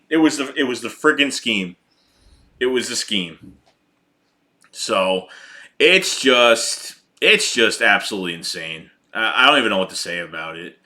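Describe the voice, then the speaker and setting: A man's voice: medium pitch, bright, forceful tone. Fired-up man ranting about football. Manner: heated, profane, repeats himself. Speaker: sports podcast host reading chat. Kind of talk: casual fan rant.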